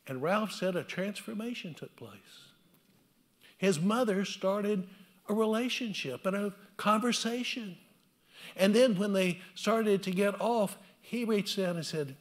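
Higher-voiced preacher telling stories. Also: male voice, a little slow. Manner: storytelling with repeated rhetorical questions. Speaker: pastor. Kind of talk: sermon with storytelling. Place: chapel.

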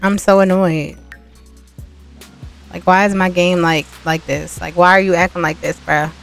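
A woman's voice: fairly low pitch, fairly even intonation, fairly quick, gravelly, fairly bright tone, faint music behind. A young woman giving casual, chatty gameplay commentary, talking straight to her viewers with exasperated asides. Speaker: gameplay vlogger.

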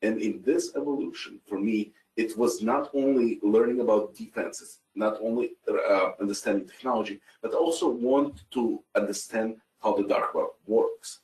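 A man's voice: lowish voice, normal speed, few pauses, darkish tone. Middle-aged male speaker, Russian accent, chatty and self-correcting, echoey distant sound. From Ukraine. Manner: conversational with frequent fillers and self-corrections. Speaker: conference speaker. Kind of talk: conference talk. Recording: roomy sound, distant from mic.

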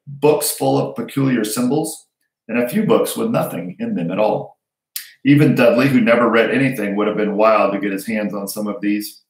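A man reading a children's storybook aloud in a steady, measured way. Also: on the low side. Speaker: reader. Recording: roomy echo.

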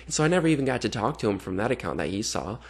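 An online predator-baiting vlogger reads chat messages aloud, breaking in with exasperated, sarcastic remarks. His voice is lowish and husky, swinging widely in pitch as he speaks in rapid-fire bursts.

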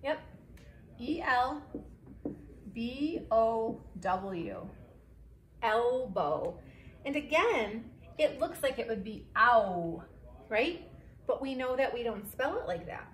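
Slow, clear woman teaching young kids. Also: fairly high pitch, lively intonation. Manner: slow, clear, encouraging, spells words letter by letter. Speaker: second grade teacher. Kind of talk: remote phonics lesson for children. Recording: echoey room, faint background hiss.

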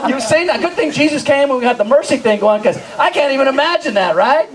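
A man performing a stand-up comedy set, telling stories with animated voices for his family and laughing at his own jokes. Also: very high-pitched, a little slow, background noise. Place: comedy benefit show before a live audience. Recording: live show with crowd laughter. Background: audience laughter.

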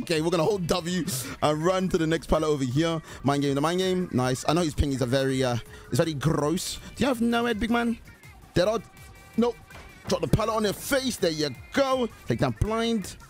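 A young man giving excited live commentary on a horror game he is playing, chatting to his teammates and the killer. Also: a little high, brisk, faint music behind. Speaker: gaming YouTuber.

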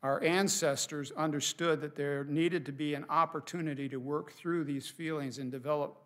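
A man's voice: a little high, a bit bright. Earnest conversational man preaching a sermon. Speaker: pastor. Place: church sanctuary.

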